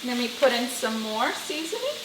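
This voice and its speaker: A woman's voice: fairly high pitch, big pitch swings, moderate pace, noisy background. A young woman vlogging casually while she cooks at home, chatty and rambling, with self-deprecating asides. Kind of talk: casual cooking vlog. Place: home kitchen. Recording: echoey kitchen with loud frying sizzle. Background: food sizzling and stirring.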